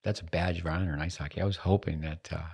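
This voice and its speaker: A man's voice: sits low, steady tone, fast, gravelly, a little mellow, breathy edge. An older man hosting a podcast, chatting in a teasing, rambling way with lots of restarts. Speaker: podcast host. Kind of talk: casual podcast chat. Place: at a table in a studio.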